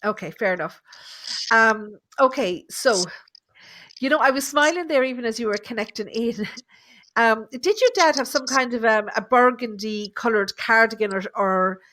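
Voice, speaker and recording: During a live reading with a caller, a woman medium speaks in a chatty, comforting way, full of fillers as she thinks aloud. Her voice is fairly high, pushed and bright, at a normal speed.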